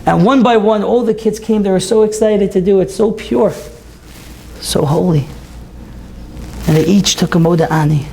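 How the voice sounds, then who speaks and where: A man who is a rabbi and teacher, giving an impassioned sermon at an event that builds to near-shouts. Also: high voice, normal speed, vocal fry, long pauses, breathy edge. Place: event hall.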